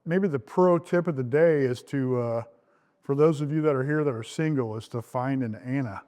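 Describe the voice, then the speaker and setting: A man's voice: normal speed, dark tone. Middle-aged groom telling his story. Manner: candid storytelling, voicing past conversations with pitch jumps. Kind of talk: recorded interview about his relationship.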